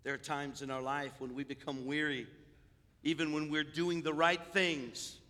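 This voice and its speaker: Older man preaching, bright tone, higher-pitched voice, hushed to loud, long hall reverb. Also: fairly even intonation, moderate pace. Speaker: pastor. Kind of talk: sermon.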